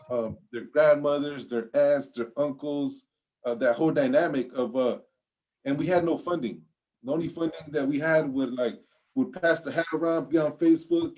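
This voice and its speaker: A man's voice: a little high, a little mellow, rough recording. A man speaking as co-presenter, earnest and reflective, drawing out words for emphasis. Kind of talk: casual reflective talk.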